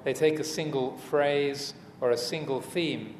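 A man teaching as a Buddhist monk in a dharma talk, speaking hesitantly with many fillers and restarts and gentle humor. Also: medium pitch, fairly even intonation, measured pace. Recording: echoey hall, faint room noise.

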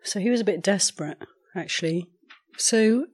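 A woman meditation teacher telling a story during a morning sitting, in a measured, unhurried way, clearing her throat now and then. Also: medium pitch, a little mellow. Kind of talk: storytelling dharma talk.

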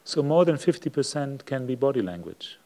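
Monk giving a sermon, mellow male voice, slow and reflective with long pauses. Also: medium pitch, very animated. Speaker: Buddhist monk giving a Dhamma talk. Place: monastery hall.

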